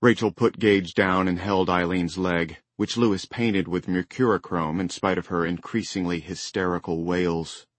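Male audiobook narrator, measured delivery, low voice, dry close recording. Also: no room sound. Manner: measured, even storytelling. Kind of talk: scripted narration. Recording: dry close studio sound.

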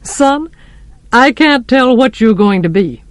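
A woman voicing a calm, wise middle-aged father in a storybook reading, gentle and dryly humorous. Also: a little high, takes it slowly, dry recording.

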